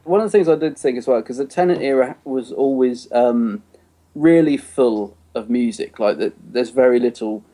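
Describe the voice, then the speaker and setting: A man with a mellow, warm tone co-hosts a podcast, talking loosely and at length. He circles his points with plenty of "you know" and false starts, in a relaxed conversational style. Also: mid-range voice, normal speed. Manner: rambling, full of "you know" and restarts. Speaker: podcast co-host. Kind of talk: casual chat reviewing an episode.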